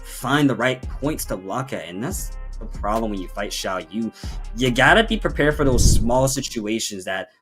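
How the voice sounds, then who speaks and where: Male esports analyst, lively swings in pitch, jokey, clear music bed behind. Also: normal speed. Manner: lively, joking, animated with exclamations. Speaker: esports color commentator. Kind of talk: color commentary.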